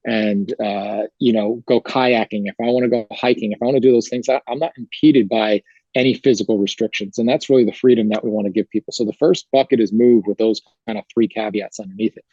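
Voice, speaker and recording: A man's voice: mid-range voice, warm tone, dry recording, lo-fi sound. A male fitness coach explaining his training approach in an interview, talking energetically with plain, repeated phrases. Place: gym.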